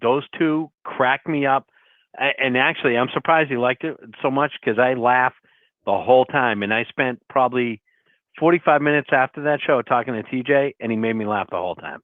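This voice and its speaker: A man's voice: medium pitch, normal speed, no room sound. Man, Boston accent, phone-in caller, tinny telephone sound, dry. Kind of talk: phone-in chat.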